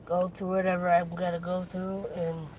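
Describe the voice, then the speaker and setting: A woman's voice: lowish voice, flat delivery, darkish tone, slight background noise, rough recording. A tired woman talking casually in a weekly vlog update, rambling and trailing off as she thinks aloud. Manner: slow, rambling, tired and foggy. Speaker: vlogger.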